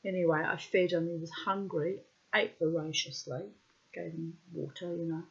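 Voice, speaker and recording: Middle-aged woman, lowish voice, blunt and foul-mouthed raconteur, muffled lo-fi recording. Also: normal speed, vocal fry. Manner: blunt, salty, swears freely; animated, acts out quotes loudly. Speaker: storyteller. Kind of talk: personal anecdote monologue.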